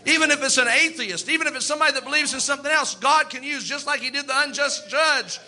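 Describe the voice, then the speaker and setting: Male preacher, very high and piercing voice, fervent sermon delivery that voices the people in his stories. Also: quick pace, pushed and bright.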